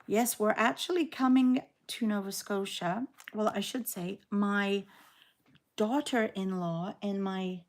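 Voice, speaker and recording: Slow-talking chatty woman in her sixties. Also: mid-range voice, steady tone. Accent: Canadian. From England. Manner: chatty, rambling, self-deprecating. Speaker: quilting vlogger. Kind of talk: casual sew-along chat.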